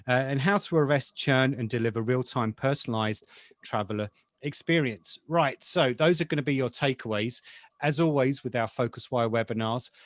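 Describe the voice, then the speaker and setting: A man's voice: mid-range voice, no echo, clean studio sound. A man hosting a business webinar on a video call, chatty and loose, with frequent fillers. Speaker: webinar host, editor-in-chief.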